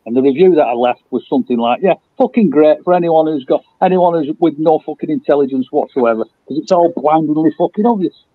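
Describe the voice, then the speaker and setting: A man's voice: on the high side, brisk, no echo. Blunt sweary man on a tinny line. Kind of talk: casual chat.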